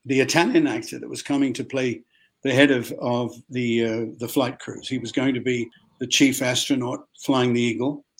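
An older man with an Australian accent, telling a lively anecdote at a convention and acting out the voices of others. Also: mid-range voice. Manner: lively storyteller who acts out other people's voices. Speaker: actor telling a story. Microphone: video call.

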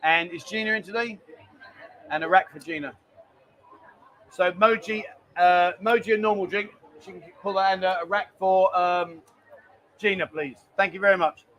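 A man's voice: sits high, fairly even intonation, moderate pace, long pauses, fairly bright tone. A man hosting a live stream from a busy bar, chatting and joking as he reads out viewer messages. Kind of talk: casual live stream chat.

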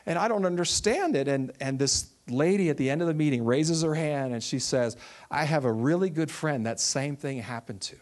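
With a fairly high-pitched voice at normal speed, this ministry leader from Texas recounts his own testimony within a sermon. He's lively, storytelling as he imitates the voices of the people he quotes.

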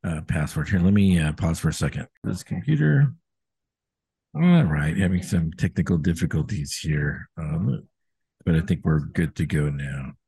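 A man with a very low, husky voice, talking loosely over a laptop call from a brewery taproom. His tone is dark and mellow, the sound close and dry, and he rambles with plenty of restarts. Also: normal speed, no room sound. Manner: relaxed, rambling, lots of fillers and restarts. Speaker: podcast host. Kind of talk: casual chat over beers. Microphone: laptop video call.

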